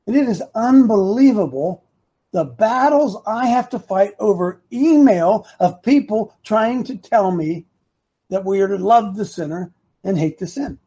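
A man's voice: high-pitched, expressive, normal speed, dark tone, husky. A man hosting a live opinion talk show, rambling and repeating himself for emphasis while talking to his producer and the chat.

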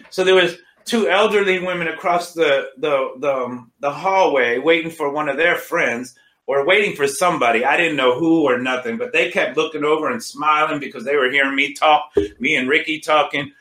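A man's voice: fairly high pitch, normal speed, sharp tone, roomy sound. A man sharing a personal faith testimony, emphatic and retelling conversations line by line. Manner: emphatic, retells dialogue with many "she says".

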